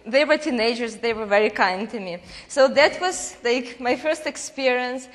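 A Ukrainian woman from Ukraine speaking to a church congregation, telling lively stories, laughing and acting out voices as she goes. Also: fairly high pitch, moderate pace, in a large hall. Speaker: guest speaker at a church, interpreting for her husband. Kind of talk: storytelling testimony to a congregation.

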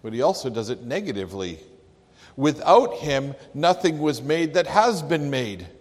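A pastor preaching a sermon, slow and emphatic, leaning hard on key words. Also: male voice, medium pitch, big pitch swings. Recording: long hall reverb.

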